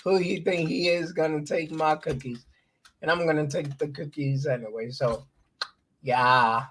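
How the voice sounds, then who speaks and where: A man hosting a casual crypto livestream, rambling and offhand, and reading news aloud haltingly. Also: a little high, fairly even intonation, a bit bright, slight background noise, rough recording. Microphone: streaming mic.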